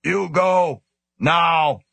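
A man voicing a huge, fierce female gorilla that speaks in a raspy, strained whisper. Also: a little high, extremely slow, a bit bright, no room sound, voice pushed up, heavily acted.

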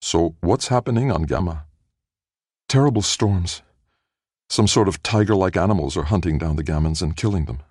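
A man's voice: deep voice, normal speed, darkish tone, slightly rough, dry recording, studio quality, voice pushed up. A man voicing a young woman biologist, anxious and guarded, in an audiobook reading. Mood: worried. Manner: tense, restrained, worried. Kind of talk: audiobook character voice.

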